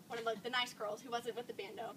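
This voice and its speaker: A woman casually telling a story to family, chatty and filling every pause with "like", acting out what others said. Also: a little high, level tone, bright, forceful tone, distant mic, slight background noise. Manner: chatty, says "like" constantly, acts out quotes.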